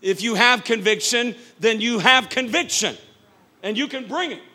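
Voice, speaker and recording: A middle-aged man preaching from a church pulpit, his voice pitched high and ringing bright. He swings from quiet storytelling to loud, shouted peaks. The sound is that of a pastor carrying a sanctuary. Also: moderate pace. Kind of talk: sermon.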